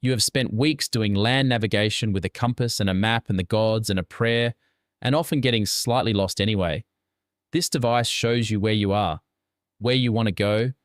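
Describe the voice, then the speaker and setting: A man tells a scripted second-person story in a steady, deadpan delivery. His voice sits somewhat low. The recording is close and dry, with no room sound. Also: moderate pace, dry recording. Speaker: narrator.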